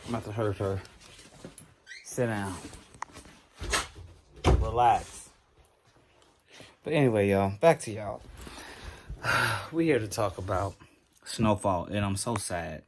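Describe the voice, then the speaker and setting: A man giving a casual reaction review of a TV episode, talking straight to his viewers in an animated way. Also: fairly low pitch, slow pace, long pauses, slight background noise.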